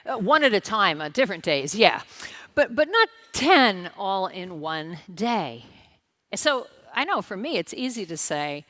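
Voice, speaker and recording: A woman's voice: medium pitch, big pitch swings, measured pace, bright, forceful tone. A woman pastor preaching a sermon at a church service, telling a story with emphatic repetition and speaking directly to the congregation with light humor.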